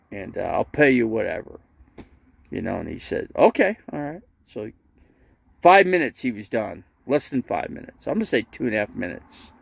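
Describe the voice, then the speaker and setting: A man's voice: medium pitch, gravelly, no room sound. A man telling rambling, funny stories in a casual livestream, often laughing, stammering and restarting his sentences. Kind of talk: casual storytelling.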